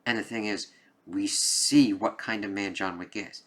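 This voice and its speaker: A man's voice: on the low side, fairly even intonation, measured pace, a bit bright. A man giving a casual spoken film review, rambling with lots of "like"s and frequent swearing.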